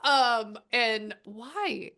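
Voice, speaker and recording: A woman working as a psychic medium, talking casually and excitedly with many fillers, relaying what spirits say. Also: a little high, drawn-out words. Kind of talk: casual spirit reading session.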